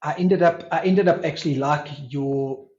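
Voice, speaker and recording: A man telling a story as a podcast guest, lively, acting out his own inner dialogue. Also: a little high, moderate pace. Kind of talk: storytelling in conversation. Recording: roomy, slightly dull recording.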